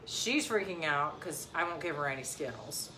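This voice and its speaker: A woman's voice: sits low, animated, normal speed, bright, forceful tone, slight background noise. A woman in her thirties, a mom chatting on a casual live stream, rambling with lots of fillers and restarts. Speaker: vlogger and mom. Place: outdoors near the beach. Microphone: phone live stream.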